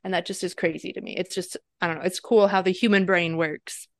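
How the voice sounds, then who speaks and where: A woman's voice: fairly low pitch, fairly even intonation, fairly quick. A woman co-hosting a podcast, chatty and giggly, rambling through tangents in casual talk. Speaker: podcast co-host.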